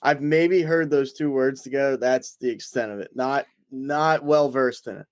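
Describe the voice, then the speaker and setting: A man's voice: medium pitch, normal speed, no room sound. A man talking as a guest on a casual sports podcast, hesitant and laid-back, with many restarts.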